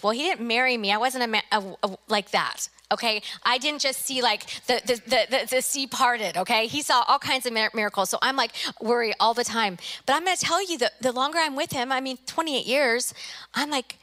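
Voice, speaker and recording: A woman's voice: fairly high pitch, bright, forceful tone. A middle-aged woman, a university president, preaching an earnest sermon in a church and acting out her own prayers. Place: church sanctuary.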